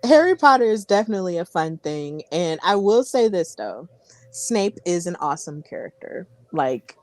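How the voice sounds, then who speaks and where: Lively chatty woman hosting a podcast. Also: fairly low pitch, normal speed, no room sound, soft background music. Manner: chatty, giggly, repeats herself. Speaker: podcast host. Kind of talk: casual podcast interview.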